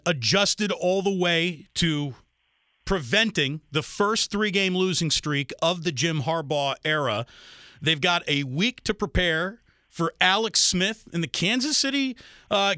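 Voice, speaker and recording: A man's voice: high-pitched, pushed and bright, no echo, clean studio sound. A man hosting a sports radio interview, chatty and teasing his guest. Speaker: radio host.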